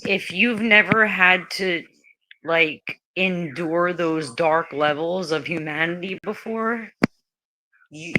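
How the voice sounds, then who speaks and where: Crowd noise surrounds this woman as she hosts a casual livestream, speaking bluntly and profanely right to her viewers. Her voice is lowish and she takes her time.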